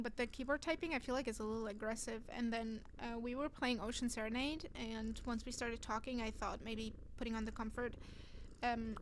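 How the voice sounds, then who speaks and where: Giggly and animated, a woman streamer with a fairly high voice chats with her audience and spins stories, laughing frequently. The audio carries a slight hiss or hum, and faint purring from a cat comes through behind her.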